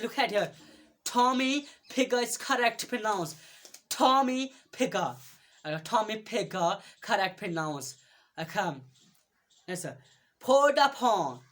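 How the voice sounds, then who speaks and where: A woman teaching English pronunciation in a casual video lesson, halting, repeating each word many times, with frequent fillers. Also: fairly high pitch, fairly bright tone.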